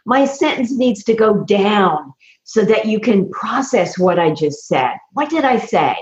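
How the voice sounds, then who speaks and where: This is a woman communication coach who explains her points in a lively, animated way. Her voice sits at a middle pitch. It sounds roomy and slightly dull, as if she is on a remote connection. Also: measured pace. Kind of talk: interview guest. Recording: echoey dull remote audio.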